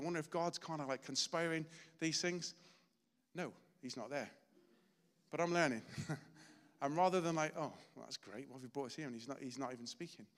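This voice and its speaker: A man's voice: on the high side, a bit bright, in a large hall. A middle-aged man giving a sermon, telling a personal story in an earnest, chatty way. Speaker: preacher.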